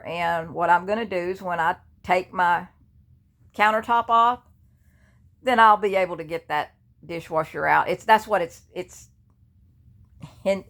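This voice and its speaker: Slow, rambling older woman vlogging from bed. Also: medium pitch, a bit bright. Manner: rambling and chatty, with many restarts. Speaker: grief vlogger. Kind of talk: casual personal vlog. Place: indoors, lying in her bed.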